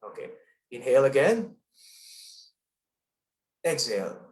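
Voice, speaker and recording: A man's voice: medium pitch, big pitch swings, slow pace, roomy sound. A man with a Filipino accent and a trained broadcast voice, leading an online lesson on public speaking and checking in often with "okay?". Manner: coaching, checks in with frequent "okay?".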